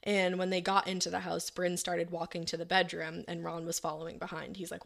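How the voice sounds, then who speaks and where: A woman's voice: on the low side, little pitch movement, a little fast, gravelly, fairly bright tone. A woman co-hosting a podcast, telling a true crime story in a casual, chatty way and quoting people in her own voice. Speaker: podcast co-host telling the case.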